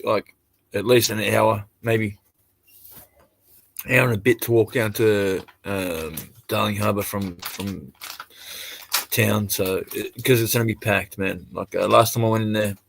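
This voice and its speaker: A man's voice: lowish voice, fairly even intonation, measured pace, gravelly, no room sound. An Australian man chatting casually on a live stream, rambling and laid-back, swearing now and then.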